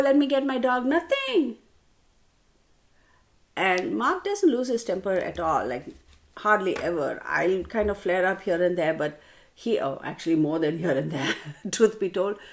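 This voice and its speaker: A woman tarot reader ranting casually to her audience, telling a story in an animated, exasperated way and calling her listeners y'all. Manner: animated, exasperated storytelling with sudden pitch jumps.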